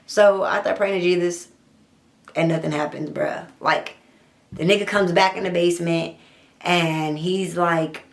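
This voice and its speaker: A young adult woman, telling her own story in a blunt, profane, animated storytime monologue. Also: lowish voice, vocal fry. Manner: blunt, profane, animated retelling with quoted dialogue.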